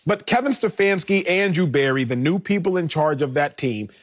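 A man's voice: fairly high pitch, expressive, moderate pace. Fervent man making a sports argument. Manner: fervent, rhetorical, lists facts with conviction. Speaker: sports talk show co-host. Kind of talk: sports debate.

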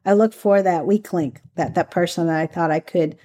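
Southern lady, lower voice, chatty and open, telling old undercover stories in an interview. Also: moderate pace, dark tone. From American South. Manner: candid, chatty, laughs easily. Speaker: former undercover FBI agent. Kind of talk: conversational interview storytelling.

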